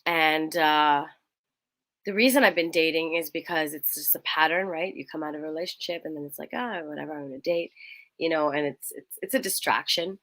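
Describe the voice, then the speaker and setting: A young woman co-hosting a casual chat, telling a personal story in an animated way and acting out quotes in a higher voice. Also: brisk. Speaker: co-host.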